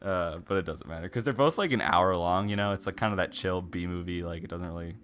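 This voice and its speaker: Bright-voiced man in casual chat. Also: deep voice, fast talker, clean tone. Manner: rambling, laughs often, lots of fillers. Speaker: podcast co-host.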